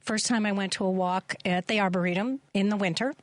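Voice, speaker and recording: A woman's voice: mid-range voice, fairly quick, no room sound. A woman being interviewed on a radio talk show as a forest therapy guide, speaking earnestly and hesitating with many ums.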